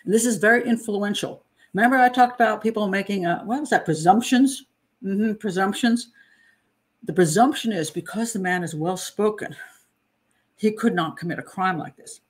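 A woman's voice: medium pitch, normal speed. A woman in her sixties from New Jersey, a criminal profiler hosting her channel and talking casually about a case in a chatty, self-deprecating way. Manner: chatty, self-deprecating, with frequent laughs and restarts. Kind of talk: casual monologue on a true-crime case.

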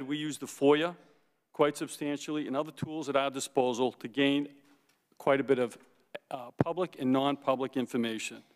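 Emphatic man testifying in a reverberant hall. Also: mid-range voice. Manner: emphatic, deliberate, repeats key points. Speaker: hearing witness, forensic investigator. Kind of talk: prepared testimony. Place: congressional hearing room.

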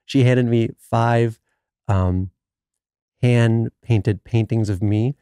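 A man's voice: medium pitch, extremely slow, smooth, no room sound, studio quality. A man, a podcast guest telling a long story in casual conversation and acting out the quoted dialogue. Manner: animated storyteller who acts out quoted dialogue.

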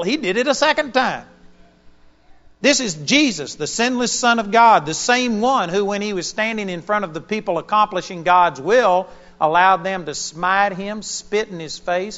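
A man preaching a sermon to a church congregation, telling stories with animated emphasis. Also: high voice. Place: church auditorium during a live service. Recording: dull lo-fi sermon recording.

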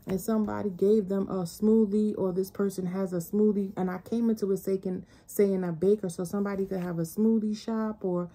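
A woman's voice: mid-range voice, fairly even intonation, moderate pace, hardly any pauses, warm tone. A woman giving a casual spiritual tarot reading, talking bluntly and profanely in a loose, rambling way. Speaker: tarot reader.

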